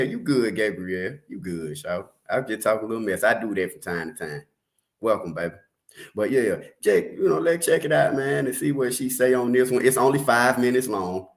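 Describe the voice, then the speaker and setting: A man's voice: mid-range voice, animated, fairly quick. A man hosting a casual reaction livestream, chatting loosely with viewers in easy slang. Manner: loose slangy banter, calls viewers baby and shawty. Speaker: livestream host.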